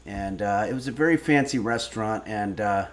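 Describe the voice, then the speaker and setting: Deadpan man in his fifties hosting a stream. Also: fairly low pitch, moderate pace. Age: 50s. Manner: reads viewer messages aloud and answers with deadpan rambling stories. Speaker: streaming cooking show host. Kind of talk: casual livestream chat.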